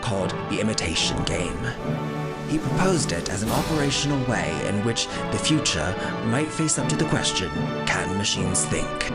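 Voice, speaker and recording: A man doing a pompous impression of an elderly English male scientist with an English accent, in a slow, grand lecturing manner. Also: fairly low pitch, very animated, over loud music. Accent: English, as put on.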